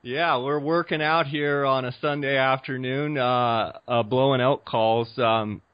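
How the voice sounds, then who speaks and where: A man from Arizona hosting a podcast interview, friendly and enthusiastic with halting pauses. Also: mid-range voice, fairly even intonation, smooth, dry recording, muffled recording. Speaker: podcast host.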